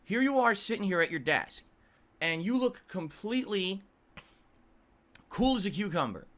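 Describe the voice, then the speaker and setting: Frazzled teen girl firing off worried questions, guy doing the voice, higher and louder. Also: lively intonation. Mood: anxious. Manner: rapid anxious questions. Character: flustered high school girl, stressed out.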